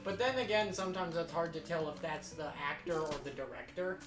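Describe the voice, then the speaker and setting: A speaker with a mid-range voice chats over a video game, explaining trivia and often trailing off mid-thought. The voice sits in a roomy, echoing space. Game music plays clearly underneath. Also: medium pitch, a little fast. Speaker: let's play co-host. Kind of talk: casual gaming chat.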